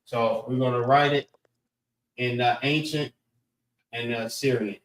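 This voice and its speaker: A man teaching an informal scripture class in a relaxed way, often saying "all right" between points. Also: medium pitch, unhurried, slight background noise. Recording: roomy echo.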